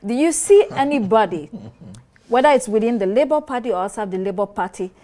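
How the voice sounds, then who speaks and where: A woman, calmly putting probing questions as interviewer in a political interview. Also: a little high, a little fast.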